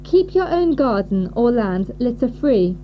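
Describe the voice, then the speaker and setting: A woman reading a list of rules in a clear, instructive way for a listening task. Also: a little high, big pitch swings, measured pace. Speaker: reader of a code. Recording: dull lo-fi audio with faint hiss.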